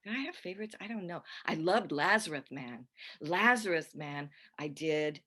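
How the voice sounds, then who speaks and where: Older woman with a low voice. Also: animated, moderate pace, a bit bright, slightly rough. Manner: chatty and rambling, with frequent restarts and easy laughter. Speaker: guest actress. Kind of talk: casual podcast interview chat.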